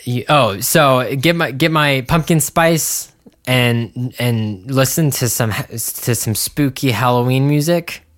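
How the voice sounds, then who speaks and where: A man co-hosting a casual podcast at an ordinary, mid pitch. He rambles through his thoughts in a joking, self-mocking way. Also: slow pace, a bit bright. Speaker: podcast co-host. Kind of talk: casual chat.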